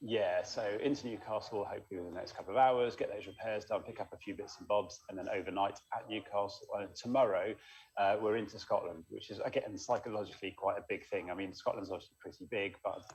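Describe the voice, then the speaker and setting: A man, a long-distance cyclist, chatting upbeat and quickly in a casual interview over a phone call. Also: fairly low pitch, steady tone, darkish tone, husky.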